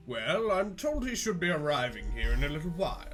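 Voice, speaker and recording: Composed wordy young woman, dry and ironic, lively pitch, a man reading her in a fan webcomic read. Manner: measured, verbose, dry wit. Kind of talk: casual read-aloud voice acting.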